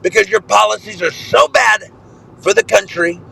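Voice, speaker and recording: A man's voice: sits high, moderate pace, pushed and bright, heavily acted, poor audio. A man doing an impression of a boastful, brash male president in a recorded voice message, bragging and repeating himself. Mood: mocking. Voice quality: gravelly, bragging, repetitive. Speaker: listener sending a voice message.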